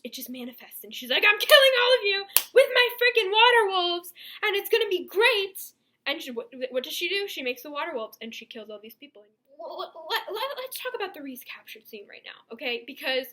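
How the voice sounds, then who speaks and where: A young woman giving an excited, rambling book review to her viewers, gushing with many asides. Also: very high voice.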